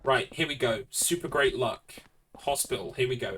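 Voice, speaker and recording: A man's voice: mid-range voice, lively intonation, normal speed, a bit bright. A man streaming a speedrun, chatting casually with viewers between frustrated outbursts. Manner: chatty, talks to chat between bursts of frustration. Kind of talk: casual commentary while gaming. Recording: distant mic with clear background noise.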